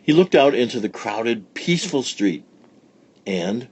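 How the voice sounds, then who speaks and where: A man reading a children's story aloud in a playful, expressive way. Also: mid-range voice, a little slow, breathy edge.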